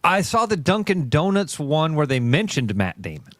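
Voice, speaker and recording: A man co-hosts a casual sports radio show with a fairly high voice. His voice sounds dry and close to the mic, and he reacts in an easygoing way. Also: very animated, moderate pace, a bit bright, dry recording.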